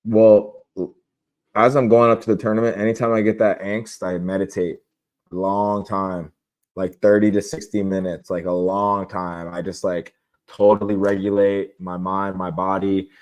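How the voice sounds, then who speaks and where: A man's voice: low-pitched, level tone, normal speed, darkish tone. A young man as a podcast guest, talking candidly and casually about how he prepares for competition, with rambling restarts. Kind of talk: casual interview talk.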